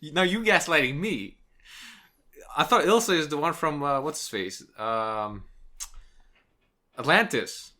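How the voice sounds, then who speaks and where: A man co-hosts a casual gaming podcast in a bright, forward voice that swings widely in pitch. He answers with dry sarcasm and drops swear words freely. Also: expressive, measured pace, pauses often. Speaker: podcast co-host.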